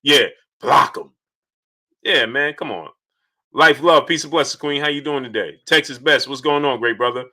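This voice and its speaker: A man hosting a casual live stream, shouting out viewers by name and repeating his points in an animated way. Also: mid-range voice, brisk. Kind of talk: casual live-stream chat reading super chats.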